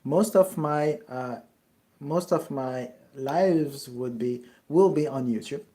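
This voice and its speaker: A man answering follower questions in a casual chat, halting as he searches for English words. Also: medium pitch, dark tone.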